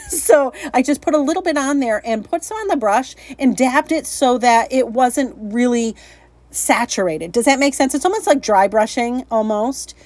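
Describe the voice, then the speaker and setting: A woman's voice: high-pitched, animated, moderate pace, a little mellow, no echo. Chatty upbeat woman hosting a craft vlog. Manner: chatty, upbeat, self-deprecating, laughs often. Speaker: craft channel host. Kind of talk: casual craft tutorial vlog.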